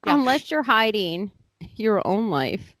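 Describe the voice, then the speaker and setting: A woman co-hosting a podcast in casual chat, animated and incredulous, laughing and swearing. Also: medium pitch, takes it slowly, no room sound.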